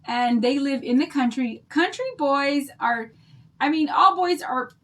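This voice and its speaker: An older woman rambles happily to her livestream viewers, telling stories in a bubbly, chatty way. Her voice sits a little high for a woman. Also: a little slow, a bit bright. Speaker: craft livestream host.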